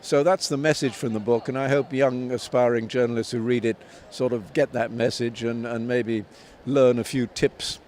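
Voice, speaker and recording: Older man, measured and anecdotal. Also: mid-range voice, fairly even intonation, a little mellow, a little hiss or hum. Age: 70s. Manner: measured, anecdotal, with frequent ums and restarts. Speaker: tennis commentator and author, guest. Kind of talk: reflective interview answers.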